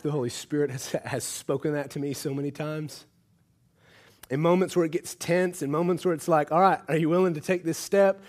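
High-pitched male pastor, sermon delivery, hushed earnest passages and loud urgent exhortation, quizzes the congregation. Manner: asks the congregation questions and jokes with them.

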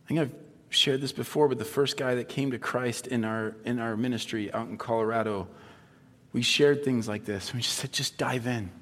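A man preaching a sermon as a pastor, telling stories with animated delivery and acting out the voices of the people he quotes. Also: mid-range voice, normal speed. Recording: long hall reverb.

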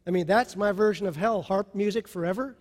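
A male pastor preaches with a high, ringing voice, pushing his lines out with fervor and then pulling back to a hush. Long reverb from a large hall trails every phrase. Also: a little fast. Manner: impassioned preaching that swings from soft to loud. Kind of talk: sermon.

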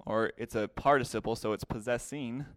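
A man's voice: mid-range voice, steady tone, moderate pace, a bit bright, no room sound. Man teaching a Bible class, dry sound. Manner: explanatory, repeats key phrases for emphasis. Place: classroom with a whiteboard.

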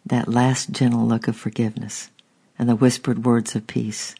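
A man's voice: mid-range voice, little pitch movement, moderate pace, gravelly, warm tone, husky. A man narrating a storybook steadily and unhurriedly, with small restarts. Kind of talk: audiobook narration.

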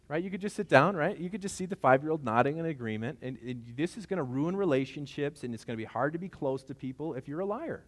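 A man's voice: medium pitch, animated, quick pace. A man in his forties, a pastor giving a sermon in a conversational, storytelling way, often asking the congregation questions.

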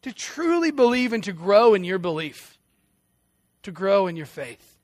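A man's voice: high-pitched, sing-song, measured pace, no echo, clean studio sound. A pastor preaching a sermon in an earnest, emphatic way, repeating phrases and restarting his sentences.

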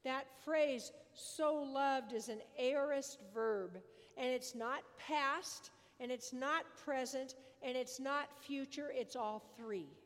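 In a large church with long, lingering reverb, a woman priest delivers an earnest sermon. Her voice is high-pitched and her pace slow, and she leans on repetition to drive her points home.

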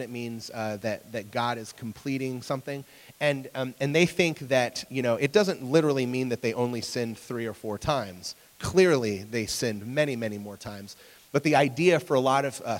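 Man preaching in a reverberant hall. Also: mid-range voice. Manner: conversational, asks the audience questions; acts out voices in anecdotes. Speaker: pastor. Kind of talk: sermon. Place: church hall with an audience.

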